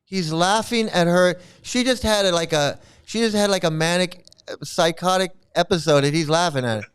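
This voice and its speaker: A man with a high voice rants his way through a commentary on a replayed stream. His tone is crisp and clean, and his remarks come out scornful and mocking. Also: moderate pace. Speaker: commentary host.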